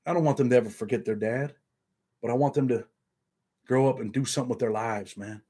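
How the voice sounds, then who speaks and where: A man's voice: medium pitch, breathy edge. A man hosting his own online show, talking bluntly and earnestly to his viewers and saying "man" at the end of nearly every line. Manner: blunt, heartfelt, says "man" constantly. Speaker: YouTube show host. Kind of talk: casual straight-talking monologue to camera.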